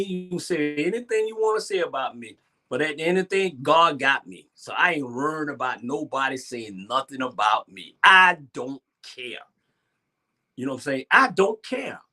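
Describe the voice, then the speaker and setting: Southern guy about sixty, bright forceful voice, talks big and chatty. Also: a little high. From Savannah, Georgia, US. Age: 60s. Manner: lively, boastful, chatty with fillers. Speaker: host. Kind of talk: animated solo talk show monologue.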